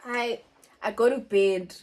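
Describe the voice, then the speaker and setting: A woman's voice: a little high, slow. Teen woman telling a storytime. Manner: animated storytelling, acts out quoted voices. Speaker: vlogger. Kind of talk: casual storytime chat. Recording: faint background noise.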